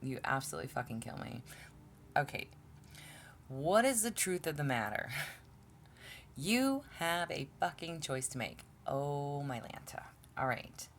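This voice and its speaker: A woman's voice: low voice, big pitch swings, a little slow, pauses often, a little hiss or hum. A woman giving a casual tarot reading to her viewers, blunt and exasperated, swearing often and stumbling over her words. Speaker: tarot reader.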